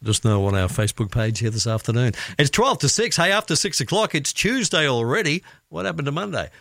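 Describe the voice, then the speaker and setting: Chatty Australian radio host, lively pitch. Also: male voice, fairly quick, gravelly, dry recording, studio quality. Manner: chatty, laughing, reads listener comments aloud. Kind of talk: casual radio chat. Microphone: studio microphone.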